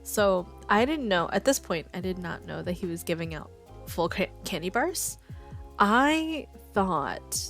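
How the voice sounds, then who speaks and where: A woman's voice: fairly low pitch, sing-song, measured pace, fairly bright tone, faint music behind. A woman streaming, telling stories in a casual, chatty way, laughing often and swearing. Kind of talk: casual stream chat, storytelling.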